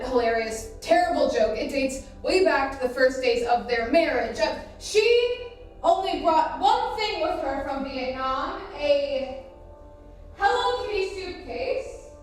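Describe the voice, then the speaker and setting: A woman performing a theatrical monologue, telling a story slowly and reflectively with long pauses, recorded from a distance on a stage with music behind. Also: high-pitched. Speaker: stage actor. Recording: echoey room from far off, music behind.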